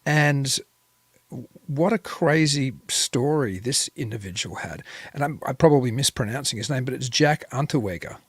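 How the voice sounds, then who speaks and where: A man's voice: mid-range voice, lively intonation, moderate pace, husky, no echo. A man hosting a podcast interview, upbeat and chatty, often repeating his words. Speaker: podcast host. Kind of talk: casual interview.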